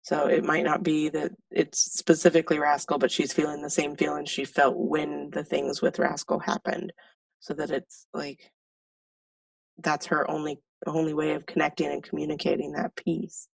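Flat, gravelly reflective speaker. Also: medium pitch, moderate pace, no echo, far from the mic, poor audio. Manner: tentative, reflective, fillers. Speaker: group participant. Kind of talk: casual support-group sharing.

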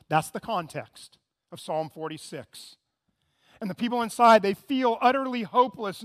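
A male pastor preaching a sermon in an animated way, repeating phrases and calling on the congregation to say words back. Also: sits high. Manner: animated, repetitive, asks the congregation to respond.

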